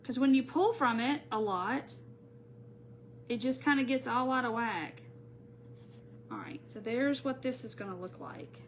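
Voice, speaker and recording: A woman's voice: a little high, unhurried, long pauses, slight background noise. A woman hosting a live crafting tutorial, chatting casually and greeting viewers by name as she works. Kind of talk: live-stream crafting chat.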